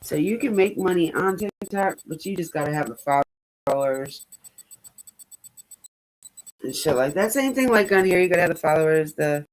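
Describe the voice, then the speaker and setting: Low-voiced chatty woman. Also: expressive, normal speed, pauses often, low-quality recording. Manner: chatty, rambling, swears casually. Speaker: streamer. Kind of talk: casual chat.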